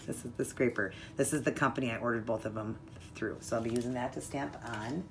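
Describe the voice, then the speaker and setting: A woman's voice: very deep voice, creaky, slight background noise. A woman hosting her own nail art channel, talking through a tutorial in a chatty, upbeat way and explaining each step. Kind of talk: casual tutorial chat.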